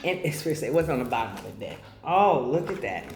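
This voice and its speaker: A woman's voice: a bass voice, big pitch swings, brisk. A woman giving a casual spiritual reading to her viewers, chatty and affectionate, full of exclamations. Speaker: spiritual reader. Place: home. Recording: echoey room with faint noise.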